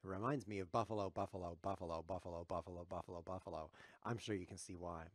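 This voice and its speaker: Joking low-voiced male chess streamer. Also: steady tone, fast, no room sound. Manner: jokey, chuckling, reading chat aloud. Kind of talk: live chess commentary.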